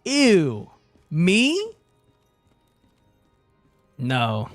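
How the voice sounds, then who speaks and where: A man's voice: high-pitched, huge pitch swings, very slow, dry recording, faint music behind. A young man livestreaming, chatting casually with viewers in a joking, rambling way. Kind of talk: casual stream chat with viewers.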